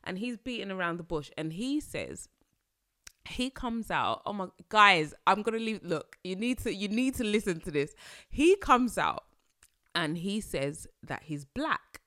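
A woman vlogger offers casual, animated commentary to her viewers, exclaiming often and laughing between points. Her voice is medium pitched and unhurried, captured in a dry, clean studio recording.

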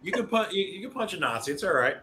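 A man co-hosting a podcast in casual chat, pausing often with "uh" as he talks. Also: high-pitched, sing-song, over a noisy crowd. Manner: hesitant, many uh fillers. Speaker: podcast co-host.

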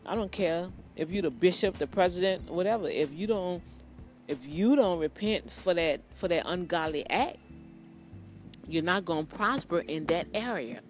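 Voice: mid-range voice, lively intonation, normal speed, soft background music. A preacher giving an informal sermon, earnest and addressing listeners directly, often repeating phrases.

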